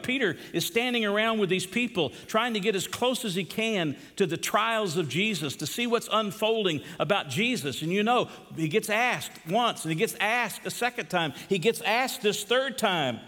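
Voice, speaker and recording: A male pastor delivering a sermon, swinging between hushed, slow lines and raised, emphatic ones. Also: high voice, animated. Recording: long hall reverb.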